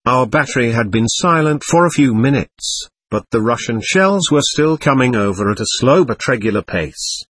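A man with a husky voice reading a first-person war memoir aloud, in measured storytelling. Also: medium pitch, expressive, fairly bright tone, dry recording. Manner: measured storytelling, voicing the soldiers lightly. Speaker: audiobook narrator.

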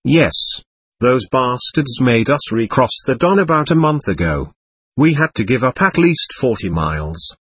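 A man voicing a tired, sleep-deprived frontline soldier who grumbles offhandedly, with a husky voice. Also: medium pitch, very animated, a little slow, fairly bright tone, no room sound, heavily acted. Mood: weary grumbling.

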